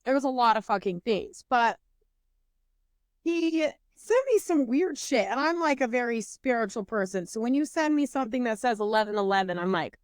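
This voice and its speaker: A woman in her twenties, co-hosting a podcast, telling a story in an animated, profane way with lots of fillers. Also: on the high side, fairly quick, no room sound, clean studio sound. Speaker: podcast co-host. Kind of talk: casual storytelling chat.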